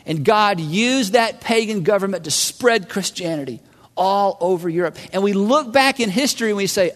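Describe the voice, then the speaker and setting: A man preaching a sermon as a pastor, animated and acting out voices of listeners and God. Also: sits high, normal speed. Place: large church hall. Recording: long hall reverb.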